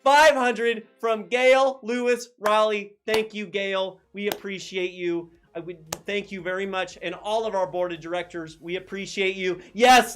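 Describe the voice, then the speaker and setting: Excitable high-voiced fundraising host. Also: male voice. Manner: excited, shouting out donor names. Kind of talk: live fundraising appeal.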